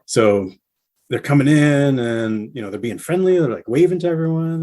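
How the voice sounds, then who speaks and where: A man guest on a casual podcast, telling a story with animated bursts when he quotes people. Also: moderate pace. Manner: animated storyteller, acts out quotes with rising pitch.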